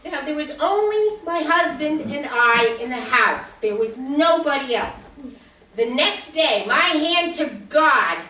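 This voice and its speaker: A woman's voice: high voice, expressive, a little slow, pushed and bright. A woman in her sixties performing a stand-up comedy set, telling stories, acting out the dialogue and laughing at her own jokes. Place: small comedy stage. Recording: roomy sound from a distance.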